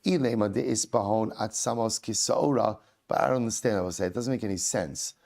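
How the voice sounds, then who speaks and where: A rabbi teaches a Talmud passage with a gravelly edge to his voice. He reads the quoted lines and then walks through them, posing questions and answering them himself. He keeps repeating key points so they stick. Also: lowish voice, fairly quick, darkish tone. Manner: asks and answers his own rhetorical questions; reads Aramaic and Hebrew quotes, then paraphrases. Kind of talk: Talmud lesson, explaining aloud.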